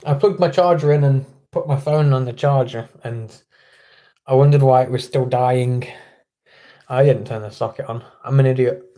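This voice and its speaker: At a moderate pace and in a mellow, mid-range voice, an English man hosts a relaxed livestream from his home. He rambles and jokes at his own expense while chatting with viewers.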